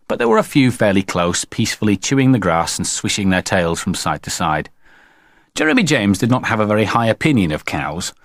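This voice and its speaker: A man narrating a children's storybook in a playful, expressive way. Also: low-pitched, no echo, clean studio sound. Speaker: audiobook narrator.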